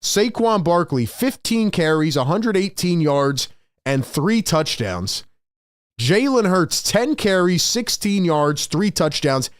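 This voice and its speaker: A man hosting a postgame sports show, talking in an excited, emphatic way and repeating his key points, worked up with excitement. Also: high-pitched, slow pace, no echo, studio quality. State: overexcited.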